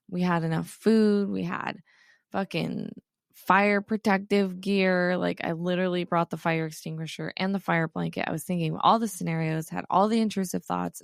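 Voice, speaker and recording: A woman's voice: lowish voice, creaky, no room sound, studio quality. A woman in her thirties hosting a podcast, frankly recounting a fight with her partner, swearing casually and acting out both sides. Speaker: podcast host. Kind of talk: candid personal storytelling.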